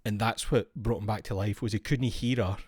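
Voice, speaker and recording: A man's voice: on the low side, fairly even intonation, brisk, no room sound, clean studio sound. A man streaming, chatting casually in a rambling, profane, jokey way.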